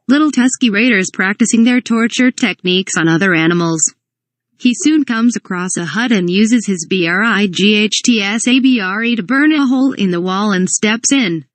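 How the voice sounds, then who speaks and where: A woman's voice: medium pitch, no room sound. A woman reading a humorous fan script aloud, stage directions included, sometimes spelling words letter by letter. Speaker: reader of a fan parody script.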